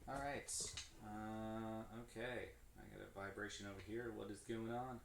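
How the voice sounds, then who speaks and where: A man's voice: on the low side, steady tone, moderate pace. Rambling drummer man, echoey room. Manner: rambling, self-correcting, counts stickings aloud. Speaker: drummer streaming his practice. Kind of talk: casual practice-stream explanation. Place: room with a drum kit. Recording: echoey room, distant mic, clear background noise.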